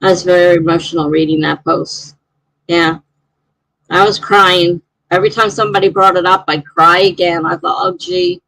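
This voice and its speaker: A woman's voice: on the low side, fairly even intonation, moderate pace, sharp tone, no room sound, poor audio. A woman hosting a live stream, chatting casually and reading out viewer comments in a rambling way.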